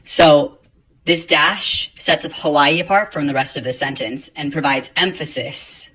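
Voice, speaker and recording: A man teaching a writing lesson, explaining grammar and rereading example sentences slowly and deliberately. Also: a little high, steady tone, sharp tone, husky, rough recording.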